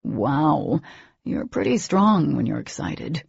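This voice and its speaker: Woman voicing a cocky young boyfriend, low and gravelly. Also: big pitch swings, takes it slowly, darkish tone, dull audio, exaggerated voice. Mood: teasing. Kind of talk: audiobook character voice.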